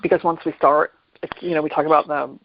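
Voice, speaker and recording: A man hosting a reflective solo talk on mindfulness, unhurried and thoughtful, often pausing and restarting his phrases. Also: fairly high pitch, steady tone, vocal fry, no room sound. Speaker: podcast host. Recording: dull lo-fi dry recording.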